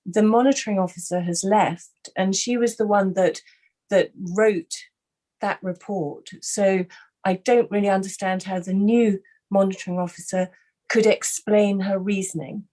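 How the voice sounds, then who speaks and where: A woman's voice: mid-range voice, fairly even intonation, measured pace, warm tone. A woman speaking as a councillor in a formal committee debate over a video call, tentative and hesitant.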